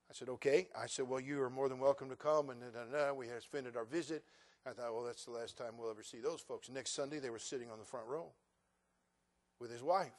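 A man preaching a sermon as pastor, telling a story with soft asides and then loud, emphatic stretches. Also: mid-range voice, fast.

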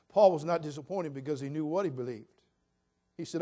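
A man in his sixties from California preaching a sermon, swinging between loud, emphatic build-ups and soft, low asides. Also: fairly quick, pauses often.

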